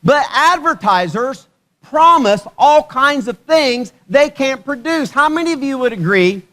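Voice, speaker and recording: A man's voice: very high voice, lively intonation, measured pace, sharp tone. A male pastor giving a sermon at a church service, conversational and joking, often putting questions to the congregation.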